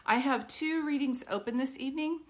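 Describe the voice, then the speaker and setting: A woman with a somewhat high voice hosts a relaxed phone livestream from her home. She chats easily as a psychic medium, reading viewer comments aloud and greeting each person by name. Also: a little fast. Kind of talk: casual livestream chat.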